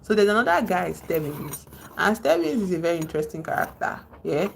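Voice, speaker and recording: Chatty low-voiced woman streamer. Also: big pitch swings, fairly quick, creaky, a little hiss or hum. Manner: chatty, breaks off to greet chat viewers. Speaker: live streamer. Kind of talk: casual live-stream movie recap.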